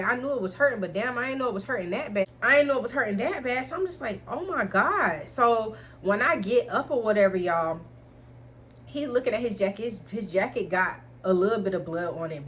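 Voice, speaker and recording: A woman's voice: medium pitch, a little hiss or hum. Frank young woman telling a storytime. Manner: frank, slangy, animated, keeps addressing listeners as y'all. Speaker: storytime vlogger. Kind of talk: candid storytime.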